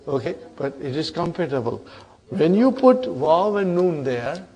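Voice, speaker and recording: A man's voice: a little high, very animated, unhurried, dark tone, a little hiss or hum. A man teaching an Arabic grammar class, drilling verb forms aloud and checking on his students with "huh?" and "brother".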